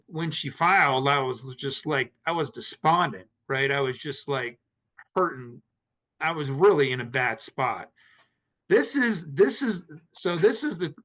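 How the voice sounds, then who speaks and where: A man's voice: fairly high pitch, pushed and bright. Earnest man retelling a painful story. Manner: earnest, emotional retelling with many restarts and acted quotes. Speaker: podcast guest. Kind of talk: personal storytelling in an interview.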